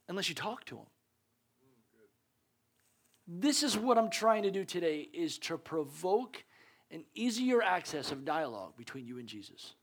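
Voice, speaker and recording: A man preaching a conversational sermon as a pastor, earnest and urging, repeating his points with joking asides. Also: sits high.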